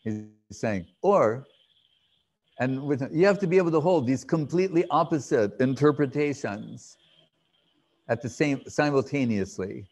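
Slow-speaking man giving a devotional talk. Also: medium pitch, animated, darkish tone. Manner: slow, reflective storytelling with pauses and fillers. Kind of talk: devotional lecture.

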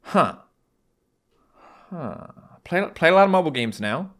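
A man's voice: fairly high pitch, big pitch swings, a little slow, a bit bright. A man in his twenties with a Newfoundland accent, chatting casually through fan questions on his channel, rambling and joking with local turns of phrase. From Newfoundland, Canada. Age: 20s. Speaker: YouTuber answering fan questions. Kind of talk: casual Q&A chat.

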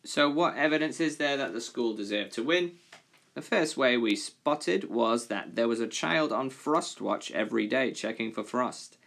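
A man's voice: mid-range voice, normal speed, gravelly. Patient male teacher reading a fable. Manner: patient, explaining step by step; expressive storybook reading. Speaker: primary school teacher. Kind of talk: recorded reading lesson.

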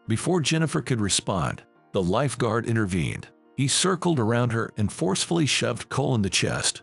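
Male narrator for scripted story, gravelly, husky, lively pitch. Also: normal speed, few pauses, soft background music.

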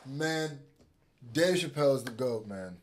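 A man hosting a couples reaction video, chatting in a relaxed, enthusiastic way with many fillers. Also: mid-range voice, takes it slowly, background noise. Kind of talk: casual reaction commentary.

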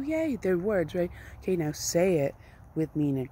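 Earnest, mellow-voiced self-love coach. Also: mid-range voice, animated, measured pace, a little hiss or hum. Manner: earnest, playful, coaxing. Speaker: self-help vlogger. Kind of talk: casual motivational talk. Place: outdoors at a rural home.

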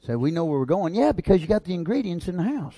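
A male pastor preaching a sermon, swinging from loud, excited shouts to low, intense asides. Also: quick pace, husky, no echo.

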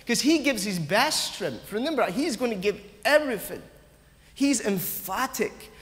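A man's voice: high voice, moderate pace, big-room sound. A man preaching a sermon in church, earnest, acting out the voices of the doubting, often stumbling and restarting his sentences.

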